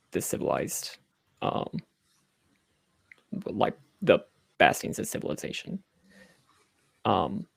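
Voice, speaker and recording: A young man running a tabletop game as game master, halting with many fillers and restarts. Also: low voice, gravelly, a little mellow.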